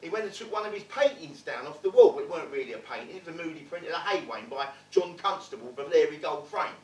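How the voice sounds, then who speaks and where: Bloke playing a cheeky geezer spinning his life story, bit high voice, roomy theatre, mic far off. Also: animated, fast talker, darkish tone, close to an everyday voice. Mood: wry. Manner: wry, blunt, swearing storyteller. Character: streetwise London man recalling his rough childhood. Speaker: stage actor in a one-man play. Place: theatre stage.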